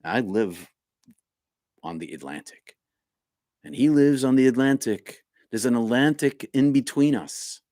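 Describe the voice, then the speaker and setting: A man leading a casual spiritual live stream, reading viewer comments and musing in a rambling, halting, reflective way. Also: medium pitch, animated, mellow, dry recording, clean studio sound.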